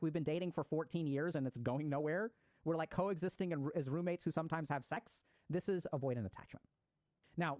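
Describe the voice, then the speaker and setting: A man with a slightly high voice gives a recorded psychology talk on attachment styles, explaining ideas and acting out everyday situations as a mental health speaker. The recording has no echo.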